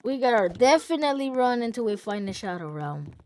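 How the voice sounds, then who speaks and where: A woman hosting a gaming video, giving excitable, panicky commentary that keeps repeating itself and breaking into yelps. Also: on the high side, fairly quick, slight background noise.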